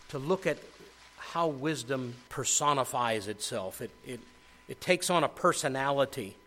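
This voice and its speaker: Bright-voiced male pastor preaching. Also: medium pitch. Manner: animated preaching with repeated restarts. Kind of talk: sermon.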